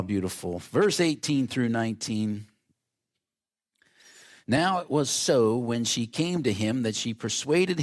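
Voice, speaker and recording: A male pastor delivering a sermon, telling family stories in an animated way and acting out the voices. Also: lowish voice.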